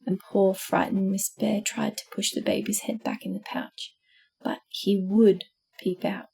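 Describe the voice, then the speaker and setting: A woman with an Australian accent reading a children's storybook aloud, slow and gentle. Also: mid-range voice, little pitch movement, vocal fry, slightly rough. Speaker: audiobook reader. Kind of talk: storybook narration.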